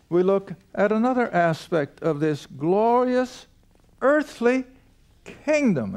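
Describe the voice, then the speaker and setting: A man's voice: high-pitched, creaky, a little mellow. An older man teaching a Bible study to a seated class, reading verses aloud and putting folksy questions to the listeners. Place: room with a studio audience.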